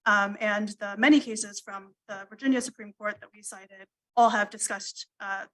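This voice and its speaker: A woman lawyer making a formal argument to appellate judges, measured and deferential, with frequent ums. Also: medium pitch, fairly even intonation, a bit bright, poor audio. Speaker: attorney arguing appeal. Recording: courtroom livestream audio.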